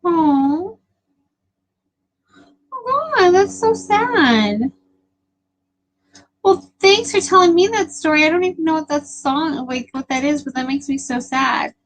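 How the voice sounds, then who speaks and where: A woman's voice: sits high, moderate pace, hardly any pauses, rough recording. A young woman hosting a casual live stream, chatting with viewers in a gushing, emotional way with lots of fillers.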